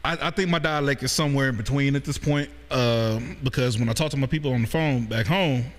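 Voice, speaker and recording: A man from Cleveland, Ohio, co-hosting a podcast in loud, profane, animated banter. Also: medium pitch, fairly quick, big-room sound. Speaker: podcast co-host. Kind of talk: casual chat.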